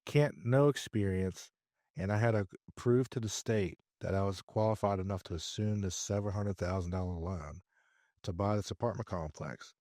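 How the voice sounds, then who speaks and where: A man as a podcast guest, telling a business story in a lively way and acting out his own dialogue. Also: lowish voice, moderate pace, no room sound, studio quality. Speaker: podcast guest, real estate investor. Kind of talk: conversational storytelling interview.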